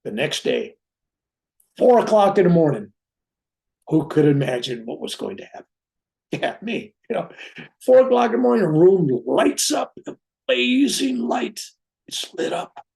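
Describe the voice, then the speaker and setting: Gravelly man telling a personal story. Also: high-pitched, unhurried, long pauses. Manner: animated retelling, acting out quoted voices, chuckling asides. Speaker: reverend sharing a spiritual experience.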